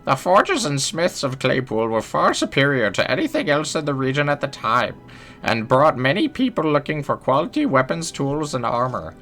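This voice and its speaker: A man voicing a chatty old village woman from a video game who slowly recounts the history of her village. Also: medium pitch, sing-song, bright, forceful tone, soft background music, voice pushed up. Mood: telling history. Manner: slow, lilting storyteller.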